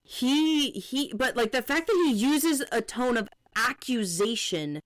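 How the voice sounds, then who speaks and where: A woman's voice: on the high side, expressive, a little slow, no room sound. A woman co-hosting a podcast, chatting casually about a book and restarting her sentences as she paraphrases characters. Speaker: podcast co-host.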